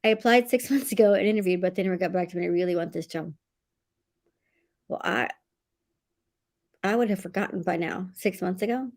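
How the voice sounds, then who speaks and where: A woman hosting a casual livestream, reading out viewer comments from home, laughing often and going high-pitched when excited. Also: fairly quick, pauses often. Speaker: livestream host of writing sprints.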